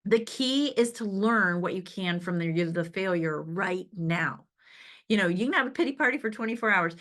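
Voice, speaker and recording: A woman's voice: medium pitch, expressive, moderate pace, a bit bright. A woman giving an upbeat motivational talk to a sales team, chatting casually and often checking in with "right?". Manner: conversational and upbeat, with frequent "right?" asides and laughs; acts out remembered conversations.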